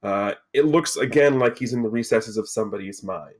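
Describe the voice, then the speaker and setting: A man running a tabletop game as game master, reading out scene descriptions in a measured storytelling voice. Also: fairly low pitch.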